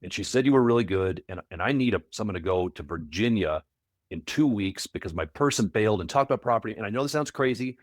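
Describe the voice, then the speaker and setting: A man who coaches property managers, a podcast guest telling stories in a casual interview, animated and often repeating words as he restarts. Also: lowish voice, quick pace, no room sound, studio quality. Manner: animated, repeats words, acts out quoted voices.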